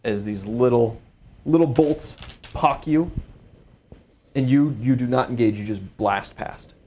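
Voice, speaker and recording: A man narrating a tabletop game as game master, describing scenes at an unhurried pace. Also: medium pitch, dark tone.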